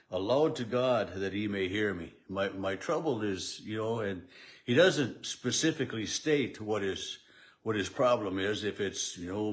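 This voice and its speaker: A pastor talking through a daily Bible devotional in a halting, unscripted way, with frequent restarts and fillers. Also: male voice, fairly low pitch. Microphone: camera at home setup.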